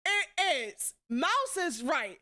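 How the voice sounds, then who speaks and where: Bright-voiced blunt streamer woman. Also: very animated, very slow. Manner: blunt and profane, swings between loud outbursts and low asides, laughs often. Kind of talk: casual livestream chat.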